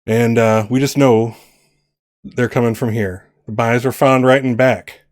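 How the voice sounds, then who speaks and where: A man's voice: mid-range voice, steady tone, measured pace, dry recording, clean studio sound, natural voice. A man voicing a self-righteous middle-aged male pastor in a tabletop game. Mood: stern.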